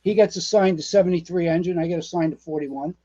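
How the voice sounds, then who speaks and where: A man's voice: fairly high pitch, fast talker, highs cut off. A man in his sixties from the Bronx with a New York accent, a retired fire captain telling salty, profane stories as a podcast guest. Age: 60s. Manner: salty, profane, animated storyteller. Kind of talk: storytelling interview.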